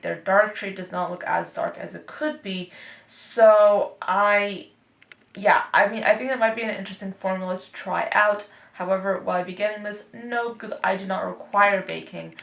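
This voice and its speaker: A woman's voice: mid-range voice, vocal fry, a bit bright, roomy sound. An eighteen-year-old woman from North Texas, chatting casually and upbeat through a beauty vlog with lots of fillers. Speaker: beauty vlogger. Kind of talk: casual anti-haul chat.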